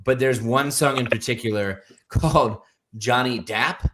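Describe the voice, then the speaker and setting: A man's voice: mid-range voice, measured pace, a little hiss or hum. A man co-hosting a comedy chat show, telling stories with lots of laughter. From Phoenix area. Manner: animated storytelling, laughs often. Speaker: comedian co-host.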